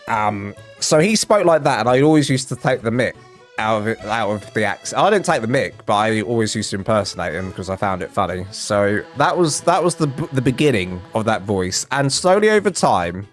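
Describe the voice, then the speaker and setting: A man's voice: fairly low pitch, big pitch swings, fairly quick, soft background music. Rambling, jokey guy streaming. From England. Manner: rambling, self-deprecating, jokey, trails off and restarts. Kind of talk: casual live stream chat.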